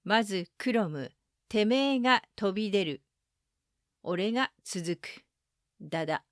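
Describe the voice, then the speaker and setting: A woman voicing a brash, boastful male brute fighter, reading manga dialogue aloud with a rough, swaggering delivery. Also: mid-range voice, lively intonation, moderate pace, no echo, studio quality, close to an everyday voice. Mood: gruff, boastful.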